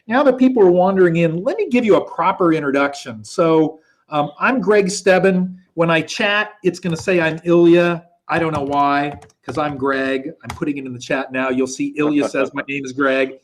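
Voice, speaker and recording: A man's voice: a little high, normal speed, few pauses. A man hosting a live online show, chatty and thinking aloud while he handles technical hiccups. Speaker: show host. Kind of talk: casual live-stream hosting. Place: Poland. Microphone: video call.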